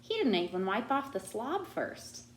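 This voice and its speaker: A woman reading a children's novel aloud, narrating in an expressive, animated way. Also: a little high, a little slow, slight background noise. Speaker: audiobook reader. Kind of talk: storytelling narration. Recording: roomy echo.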